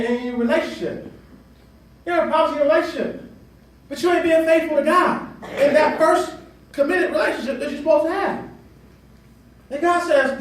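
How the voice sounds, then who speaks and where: A man preaching a sermon as pastor, with call-and-response lines that rise to shouts, in a style. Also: very high voice, moderate pace, pauses often. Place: church sanctuary. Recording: echoey room from far off.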